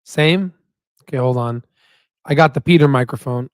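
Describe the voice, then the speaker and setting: A man's voice: mid-range voice, moderate pace, no room sound, clean studio sound. A man hosting his own stock investing channel in a casual, chatty way, often repeating himself and laughing easily into a new desk microphone. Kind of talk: casual livestream chat.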